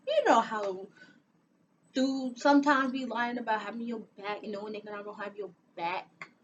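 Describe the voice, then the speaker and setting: A young woman with a high voice tells a personal story on her vlog. She is animated and dramatic, with sighs and laughs. A faint hum of noise sits behind her at home. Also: normal speed, muffled recording. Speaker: vlogger.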